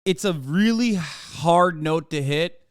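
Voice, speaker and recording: With a slightly high, smooth voice, this American man takes it slowly as he streams a reaction to an interview. He talks over the clip, sarcastic and profane, and the clean studio recording has no echo.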